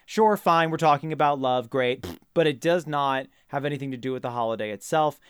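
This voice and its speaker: A man co-hosting a podcast in casual comedic chat, riffing with animated, mock-outraged rants into a close mic. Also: medium pitch, a little fast, smooth, no room sound. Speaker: podcast co-host.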